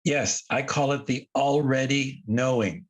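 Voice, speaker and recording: A man with a husky, slightly breathy voice speaks as an interview guest. He talks earnestly and reflectively, often repeating words for emphasis, in casual conversation. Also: medium pitch, unhurried. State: emotional. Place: at home, by a lawn near the ocean.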